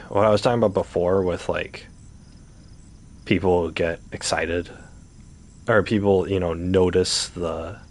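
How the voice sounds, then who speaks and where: A man with a very low voice rants over his gameplay, firing off rhetorical questions and swearing as he goes. His talk is casual and animated, and a faint background hiss sits under it. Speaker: gaming streamer. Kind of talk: casual rant while gaming.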